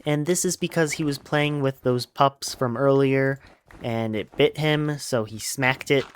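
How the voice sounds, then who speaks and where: A man's voice: medium pitch, a little slow, slight background noise. A man hosting a podcast, casually retelling a novel in a chatty way. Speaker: podcast host.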